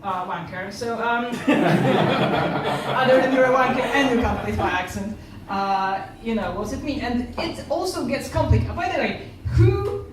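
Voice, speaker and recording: A woman with a Polish accent performs a stand-up set, animatedly acting out the people in her stories. Her voice sits a little high. She is heard from some way off in a very echoey room, with a faint hiss underneath. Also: normal speed, far from the mic. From Poland. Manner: animated storytelling, acting out other people's lines. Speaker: stand-up comedian. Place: comedy club stage.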